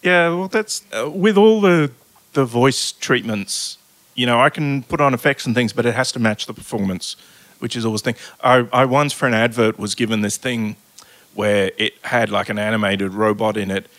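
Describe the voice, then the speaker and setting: A man's voice: mid-range voice, moderate pace, a bit bright, no room sound. A man on a podcast explaining how he made robot voices, thoughtful and technical. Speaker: podcast co-host, sound designer. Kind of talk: casual chat.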